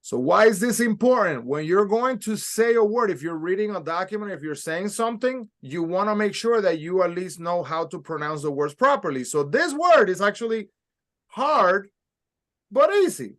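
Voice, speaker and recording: A man's voice: high voice, expressive, moderate pace. A man teaching a pronunciation class, patiently explaining step by step and modeling sounds for learners to repeat. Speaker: Spanish teacher. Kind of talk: recorded language lesson.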